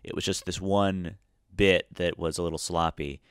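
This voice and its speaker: A man's voice: low-pitched, fairly even intonation, normal speed, clear, resonant tone, no room sound, studio quality. A tired man casually talking through a space game, rambling with lots of fillers and restarts. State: tired, yawning. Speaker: gameplay commentator. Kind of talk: casual let's-play commentary.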